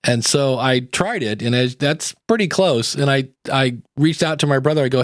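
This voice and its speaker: A man's voice: medium pitch, normal speed, dry recording. A man co-hosting a podcast in casual chat, telling anecdotes in a chatty way that keeps interrupting itself, on a close mic. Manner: storytelling, chatty, self-interrupting. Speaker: podcast co-host.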